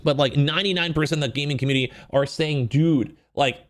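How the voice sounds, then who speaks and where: A man's voice: a little high, fast. A man hosting casual drama commentary, talking in a rambling, emphatic way full of fillers.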